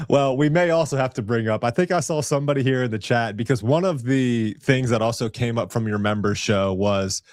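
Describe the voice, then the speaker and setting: Virginia guy hosting his podcast, laughs a lot, stumbles and restarts, dry close mic, middle pitch. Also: moderate pace, no echo. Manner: chatty, laughs often, many restarts and fillers. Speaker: podcast host. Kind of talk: casual interview chat.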